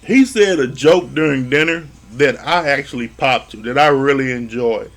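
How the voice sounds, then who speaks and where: A man's voice: medium pitch, moderate pace, fairly bright tone. A man giving a casual, profane review of a reality show, laughing often and acting out what the people on it said. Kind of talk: casual commentary.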